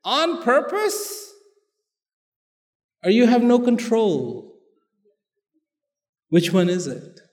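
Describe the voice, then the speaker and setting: A man preaching, telling a story and asking the audience animated questions, in a hall with long reverb. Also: high-pitched, slow pace, long pauses. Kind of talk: sermon storytelling.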